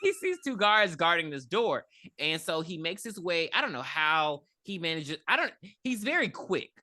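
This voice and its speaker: A woman's voice: on the low side, moderate pace, no room sound. A woman co-hosting a podcast, chatting casually as she retells a film's plot, acting out characters' lines with laughter. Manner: animated retelling with voiced quotes and laughs. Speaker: podcast co-host. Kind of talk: casual movie review chat.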